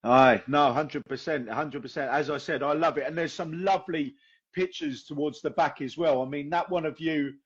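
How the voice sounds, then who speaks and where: A young man hosting a podcast over a video call, tired and hoarse, chatting casually and swearing with a laugh. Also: on the high side, normal speed, lo-fi sound. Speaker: podcast host.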